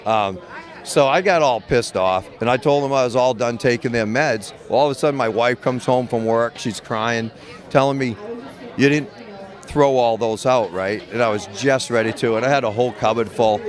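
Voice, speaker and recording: Speaking a little fast at medium pitch, with some chatter behind him, a middle-aged man who grows cannabis and uses it medically recounts his story in an interview, bluntly and profanely, rambling and restarting often.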